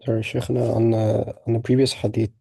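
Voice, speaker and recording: Husky, gravelly man asking politely. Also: mid-range voice, flat delivery, brisk, mellow, no room sound. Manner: polite, hesitant questioning. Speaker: student. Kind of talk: classroom question.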